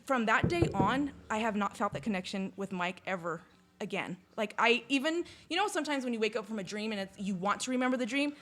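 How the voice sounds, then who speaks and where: A woman in casual conversation, telling a personal story in a lively, chatty way, with lots of "like" and some swearing. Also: on the high side, fairly quick. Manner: chatty, full of "like", swears freely; lively retelling, acts out sounds and inner voices. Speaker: podcast guest.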